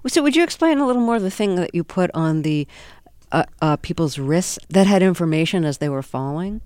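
An interview host asks curious follow-up questions and laughs easily along the way. The voice is smooth and clear at a middle pitch. It is recorded close and dry. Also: lively intonation, a little fast, darkish tone, no echo.

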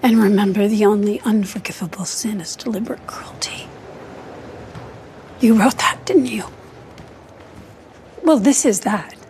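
An actress playing a slandered society woman who confronts an author in a hushed, accusing voice. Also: medium pitch, measured pace, long pauses, a little hiss or hum, lightly acted. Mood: bitter. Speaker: actress in a TV drama clip.

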